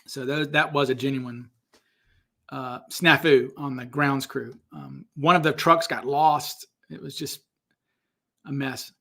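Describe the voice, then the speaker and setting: A man's voice: medium pitch, steady tone, slow, vocal fry, sharp tone. A man hosting a casual livestream Q&A, rambling and breaking off to apologize while he hunts for files. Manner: rambling, self-interrupting, apologetic asides. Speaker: host answering viewer questions.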